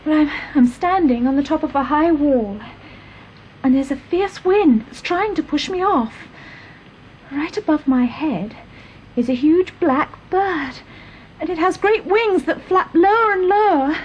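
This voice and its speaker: A shaken, earnest young woman in a radio drama, with a high, soft voice. She speaks in a confiding way, through a dull lo-fi recording. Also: animated, a little slow, a little hiss or hum. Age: young adult. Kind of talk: 1930s-set radio drama.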